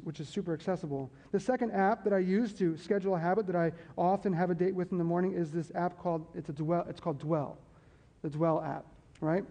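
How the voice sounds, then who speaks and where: A man's voice: high voice, warm tone. A man preaching a sermon to his church in a conversational way, repeating key phrases and checking in with the congregation. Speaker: pastor. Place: church sanctuary. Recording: long hall reverb.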